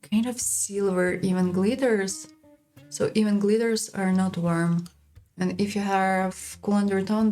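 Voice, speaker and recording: A woman giving a frank, unhurried makeup product review as a beauty vlogger. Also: medium pitch, warm tone.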